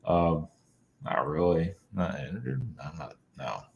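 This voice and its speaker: Deep-voiced male guest, hesitant, casual interview delivery. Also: very animated, vocal fry, dull audio, slight background noise. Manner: soft-spoken, halting, many fillers and little laughs. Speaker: guest, channeler.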